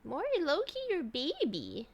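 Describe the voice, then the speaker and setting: High, lively-voiced young woman streamer. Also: a little slow. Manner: rambling, full of "like" and restarts. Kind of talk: casual chat with live chat.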